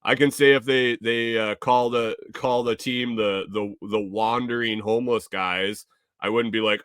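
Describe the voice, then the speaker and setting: A man's voice: medium pitch, fairly even intonation, measured pace, fairly bright tone, clear, resonant tone, no room sound, clean studio sound. A man from Minnesota hosting a casual livestream, rambling through viewer comments and laughing often. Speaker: livestream host.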